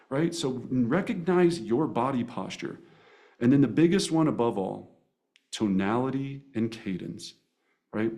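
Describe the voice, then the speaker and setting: A man teaching real estate agents negotiation in a seminar, energetic and animated, often restarting words and tagging "right?" onto his points. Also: mid-range voice, measured pace. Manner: energetic, animated, with playful voice impressions. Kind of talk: coaching seminar presentation.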